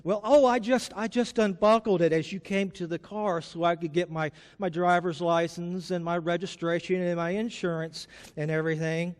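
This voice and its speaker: A pastor doing a flustered husband making excuses. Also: male voice, sits high, fairly even intonation, normal speed, hardly any pauses, clean tone, long reverb tail, lightly acted. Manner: stammering, defensive.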